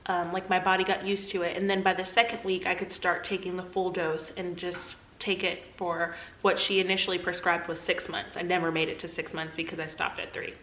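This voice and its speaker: A woman's voice: flat delivery, brisk, hardly any pauses, a bit bright, a little hiss or hum. Earnest woman telling her story, roomy. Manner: earnest, confessional, acts out her past self in a higher pleading voice. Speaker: vlogger. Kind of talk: personal storytelling to camera.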